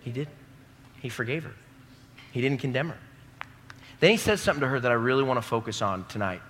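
Young male preacher, bright and forceful, emphatic sermon delivery with crowd call-and-response, long hall reverb. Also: medium pitch, expressive, fast. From American Midwest. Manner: emphatic, rising to loud peaks, calls the audience to repeat lines. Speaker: pastor. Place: large hall before a live congregation.

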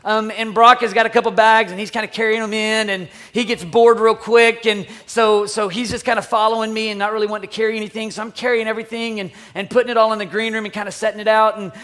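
A middle-aged man preaching, telling a personal story in a dramatic, animated way with sudden shouts and hushed asides. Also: high-pitched, fast, few pauses. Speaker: pastor. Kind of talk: sermon storytelling.

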